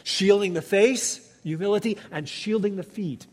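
A man preaching a sermon as pastor, animated, asking the listeners rhetorical questions. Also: high voice, normal speed. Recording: long hall reverb.

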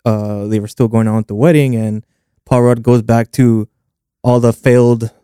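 Mellow, smooth-voiced man recapping a film. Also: mid-range voice, level tone, normal speed, no room sound, studio quality. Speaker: podcast co-host. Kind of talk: casual film-review chat.

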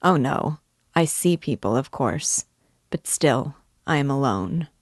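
A woman's voice: a bass voice, expressive, slow pace, slightly rough, dry recording, clean studio sound, full character voice. A woman reading the part of a shy, solitary young man who talks earnestly and with some hesitation, in an audiobook.

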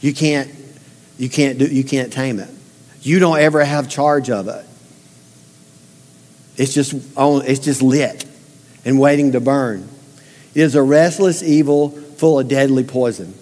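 A man's voice: mid-range voice, a little slow, long pauses, a little mellow. A man preaching a sermon as pastor, folksy and emphatic, asking the congregation direct questions. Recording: long hall reverb.

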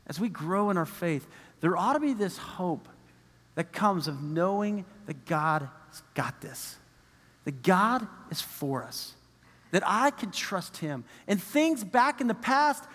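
A man preaching a sermon as pastor, animated and acting out the people he quotes. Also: sits high, in a large hall. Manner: animated, acts out quoted voices, chuckles.

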